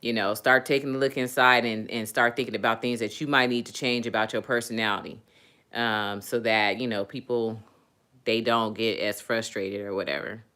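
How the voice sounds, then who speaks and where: A woman hosting a casual livestream, reading chat comments aloud and laughing loudly between remarks. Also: rumbling low, moderate pace. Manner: loud laughing, playful, animated. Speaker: livestream host.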